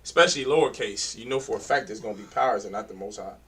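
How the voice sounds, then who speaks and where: A man's voice: lowish voice, racing, fairly bright tone, slightly rough, rough recording. A man teaching a class to read Hebrew, correcting students and stressing pronunciation in a colloquial way. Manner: emphatic, corrects readers, colloquial. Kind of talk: classroom instruction.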